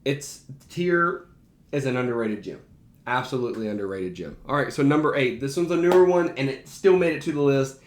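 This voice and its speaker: A man's voice: medium pitch, animated, a little fast. A man who works as a teacher, ranking favorite movies in a casual, enthusiastic and emphatic way. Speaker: teacher and behavior analyst. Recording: roomy echo.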